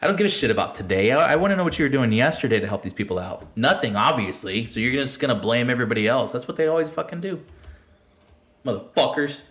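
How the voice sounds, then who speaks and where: Quick-paced and expressive, this podcast co-host has a mid-range, fairly bright voice. He rambles through a casual political conversation full of swearing, restarting sentences and cracking himself up at his own jokes.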